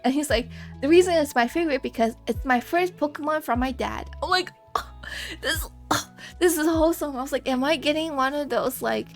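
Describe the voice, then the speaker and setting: Young female streamer, casual giggly chat, slightly high voice over soft background music. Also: fairly quick. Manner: giggly, rambling, self-deprecating storytelling. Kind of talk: casual live-stream chat while drawing.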